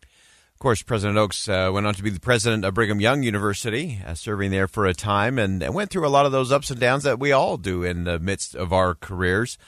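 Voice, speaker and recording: A man hosting a show, introducing clips in a relaxed manner with frequent fillers. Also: lowish voice, a little fast, dry recording, clean studio sound. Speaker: host. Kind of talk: casual commentary.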